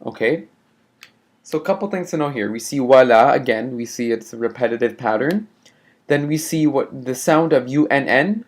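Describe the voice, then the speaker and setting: A man teaching a classroom lesson, patient and careful, repeating words slowly and checking in often with short questions. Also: on the high side, a little mellow.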